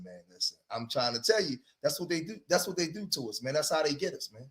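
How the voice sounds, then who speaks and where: A man hosts a livestream and delivers emphatic commentary in a preachy, repetitive way, often tagging lines with "man". His speaking voice sits a little higher than most men's. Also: animated, a little fast, few pauses, a bit bright. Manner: preachy, emphatic, repeats himself, keeps saying "man". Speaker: streamer and commentator.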